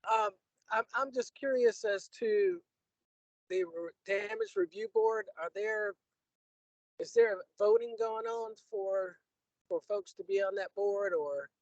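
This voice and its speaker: A man calls in by phone and asks his question informally, apologizing and restarting his sentences. His voice sits high, and the sound is dry and close to the phone. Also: sing-song, slow pace, gravelly, pauses often, dry recording, lo-fi sound. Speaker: caller joining a meeting by phone. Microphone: phone held close.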